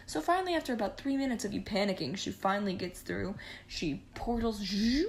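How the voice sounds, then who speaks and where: A woman's voice: a little high, fairly quick, a little hiss or hum. A young woman recapping a movie casually, sarcastic, profane and rambling. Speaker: vlogger.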